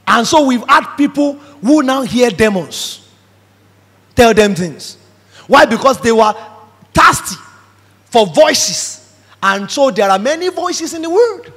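A man's voice: very high-pitched, lively intonation, slow pace, pauses often, a bit bright, breathy edge. A man preaching a sermon emphatically, acting out the voices he quotes. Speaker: pastor. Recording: reverberant hall.

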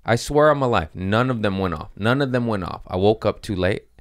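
A young man hosting a podcast, telling stories in a casual, profane, animated way and laughing at his own jokes. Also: on the low side, a little fast, no echo, studio quality. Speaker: podcast host. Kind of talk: casual storytelling monologue.

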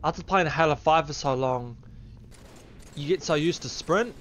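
A man's voice: on the high side, normal speed, a little hiss or hum. A man giving casual live commentary while streaming a game, chatty and upbeat, buzzing from coffee. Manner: chatty, upbeat, addresses viewers as fellas. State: caffeinated and buzzing. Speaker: gaming streamer.

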